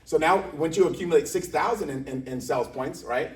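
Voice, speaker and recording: Speaking briskly in a slightly mellow voice that sits on the high side, this Indiana man delivers a humorous sales pitch to a live crowd and keeps asking the room questions. The recording comes from a distance in an echoey meeting room at a company office.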